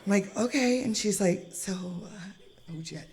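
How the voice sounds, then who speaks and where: A woman's voice: medium pitch, measured pace, darkish tone. A middle-aged woman from the Pacific Northwest, telling a comic true story on stage, chatty and laughing as she acts out the quotes. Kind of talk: live comedic storytelling.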